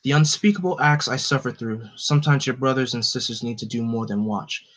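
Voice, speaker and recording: A man's voice: medium pitch, brisk, lightly acted. A man voicing a proud female alien princess who speaks in a formal, stilted, commanding way. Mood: grave. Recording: dull lo-fi recording.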